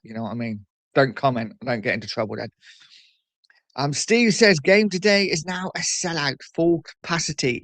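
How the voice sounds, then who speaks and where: A man's voice: medium pitch, fairly bright tone, no echo. A man hosting a casual fan live stream, reading out viewer comments and reacting in a chatty way, often repeating himself. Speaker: fan channel host reading live chat.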